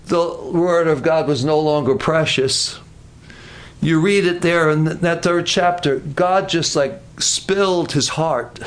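A man preaching a sermon, telling the story in an animated way and slowing down for dramatic emphasis. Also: on the high side. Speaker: pastor.

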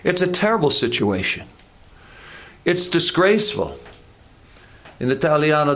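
A man's voice: on the high side, sing-song, unhurried, pauses often, fairly bright tone, a little hiss or hum. A man preaching a sermon in a conversational way, with joking asides and acted-out bits of dialogue.

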